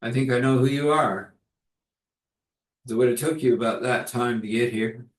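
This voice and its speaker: A man's voice: medium pitch, moderate pace, far from the mic, close to an everyday voice. A man putting on a chatty plump diner lady. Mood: friendly. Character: plump older woman running a diner, friendly. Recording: roomy echo.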